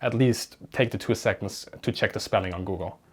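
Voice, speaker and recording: A man's voice: fairly low pitch, a little fast. Dry-humored man. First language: German. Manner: dry, wry and matter-of-fact, with quiet deadpan comebacks. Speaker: YouTube channel host. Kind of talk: reading and answering viewer comments.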